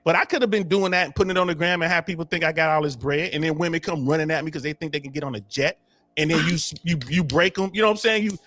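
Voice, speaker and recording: An animated man talks as a guest in a loose podcast chat. His voice sits a touch high, and the sound is dry and close. He leans on slang and trips over repeated words as he builds each point. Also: very fast, no echo. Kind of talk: casual chat.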